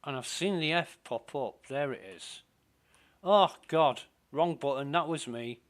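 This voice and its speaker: A man giving casual, self-mumbling commentary while playing a space game. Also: a little high. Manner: slow, muttering to himself, self-deprecating.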